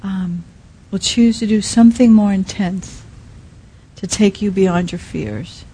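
A woman preaching a sermon in a soft, halting way, often dropping to a quiet hush. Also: medium pitch, husky, poor audio. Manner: soft, halting, many restarts and fillers. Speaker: speaker at a Christian teaching.

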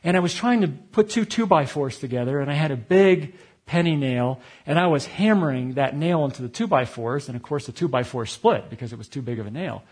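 A man's voice: medium pitch, animated, brisk, a little mellow, slightly rough. A middle-aged man from Connecticut preaching a sermon, telling a personal, confessional story with quoted dialogue. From Connecticut, USA. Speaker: pastor.

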